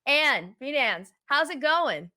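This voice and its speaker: Female host, upbeat and chatty, bright tone, slightly high. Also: big pitch swings, takes it slowly. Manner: upbeat, chatty, with frequent laughs. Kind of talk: casual interview chat.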